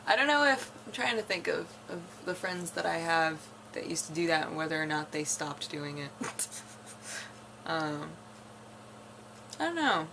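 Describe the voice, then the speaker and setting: A woman's voice: deep voice, big pitch swings, measured pace, pauses often, background noise. A young woman from North America chatting casually to camera, rambling and musing, often laughing and trailing off. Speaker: vlogger.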